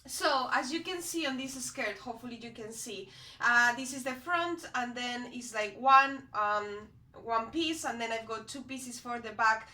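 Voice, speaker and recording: A chatty woman talks her viewers through a sewing project, rambling and pausing to find her words. Her voice is bright and sits a bit high. The room around her is echoey. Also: slight background noise. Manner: chatty and rambling, with frequent hesitations. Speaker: sewing vlogger. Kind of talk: casual how-to chat. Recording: roomy echo.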